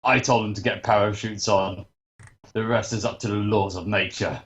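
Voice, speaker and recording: A man's voice: on the low side, steady tone, normal speed, a bit bright. A man playing a tabletop game, talking in a brash, boastful way in character. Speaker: player.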